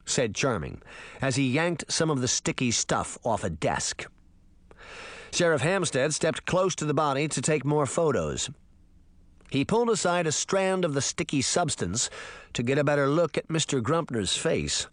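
A male audiobook narrator tells the story with expressive, varied delivery and a lively pitch. The recording is dry and close, with no room sound. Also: moderate pace, no echo. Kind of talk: scripted narration.

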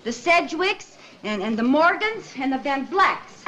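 An emphatic young sitcom housewife. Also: female voice, sits high, very animated, measured pace, fairly bright tone, slight background noise, heavily acted, rough recording. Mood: plotting. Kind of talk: 1950s sitcom acting.

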